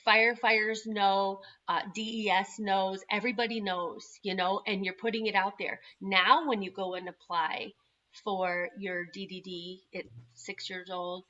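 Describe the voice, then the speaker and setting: Woman, parent advocate, crisp bright tone, lively storyteller, dull lo-fi recording. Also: mid-range voice, measured pace. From Chicago. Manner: acts out dialogue in quotes. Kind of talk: animated storytelling.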